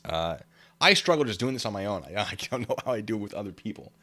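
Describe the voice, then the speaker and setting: A male livestream host chatting casually as he reads viewer comments, with fillers and chuckles along the way. His voice sits a little low, but it swings widely in pitch. The tone is bright and forward. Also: very animated, fast talker. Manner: reads comments aloud with frequent fillers and laughs. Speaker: livestream host reading chat.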